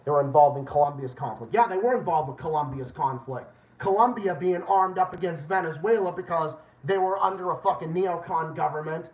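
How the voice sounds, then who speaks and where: Male streamer host, furious profane rant, highish voice, echoey room on dull lo-fi audio. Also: brisk, few pauses, darkish tone, far from the mic. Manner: angry, swearing, repeats himself. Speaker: livestream host.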